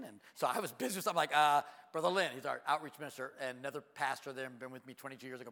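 A man preaching a sermon as a pastor, telling stories in an animated way and jumping to loud, high exclamations. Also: quick pace, long reverb tail.

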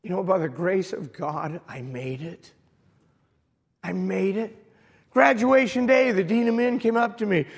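A middle-aged man, a pastor, preaching a sermon and telling a personal story with emotion, at times rising to shouted prayer. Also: high voice, measured pace, creaky. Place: church sanctuary. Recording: long hall reverb.

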